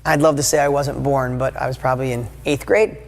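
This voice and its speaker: A man's voice: mid-range voice, fairly even intonation, a little fast, vocal fry. A man in his fifties giving a live motivational talk to an audience, speaking in an enthusiastic, emphatic and conversational way. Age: 50s. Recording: long hall reverb.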